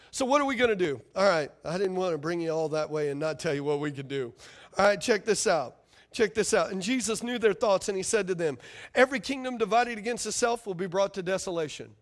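High-voiced emphatic preacher. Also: male voice. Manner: emphatic preaching, rhetorical questions to the congregation. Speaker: pastor. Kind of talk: sermon.

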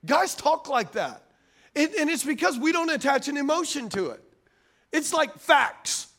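High-voiced preaching pastor, animated. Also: male voice, unhurried, vocal fry. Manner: animated, conversational preaching with asides to the congregation. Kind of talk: sermon.

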